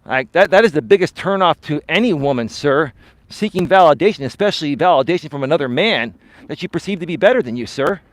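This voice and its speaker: A man's voice: fairly high pitch, animated, fast talker, no room sound. A male dating and life coach ranting on a live stream, confrontational and repeatedly calling his opponent bro and sir.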